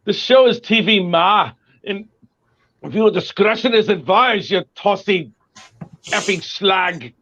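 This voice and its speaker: An American man doing a high, pompous mock-British announcer who reads a broadcast disclaimer in a sing-song, mocking way. The voice sits well above his usual pitch. The stream audio is dull and lo-fi. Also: expressive, slow, a bit bright, heavily acted. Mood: mock-formal.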